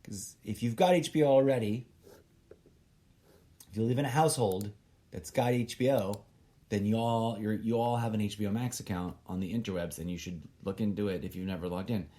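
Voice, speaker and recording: A man's voice: on the low side, fairly even intonation, a little fast, warm tone. A middle-aged man hosting a solo podcast, rambling along and wandering off on tangents as he talks to himself. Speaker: podcast host.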